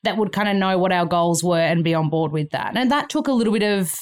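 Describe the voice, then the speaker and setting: Animated Australian woman in her thirties. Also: fairly low pitch, fast talker. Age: 30s. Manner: lively, acts out the people in her stories. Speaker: guest, actor. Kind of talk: animated storytelling in a chat.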